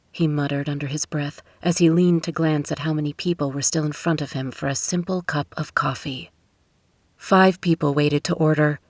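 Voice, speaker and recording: A woman reading a romance novel aloud in a steady, measured way. Her voice sits low, and the booth recording is close and completely dry. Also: no room sound. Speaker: audiobook narrator. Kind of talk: scripted narration. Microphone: studio microphone.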